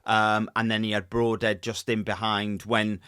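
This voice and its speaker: A man co-hosting a casual football podcast, talking in halting runs, repeating words and filling pauses. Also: fairly low pitch, flat delivery, fairly bright tone, smooth, dry recording, clean studio sound. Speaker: podcast co-host.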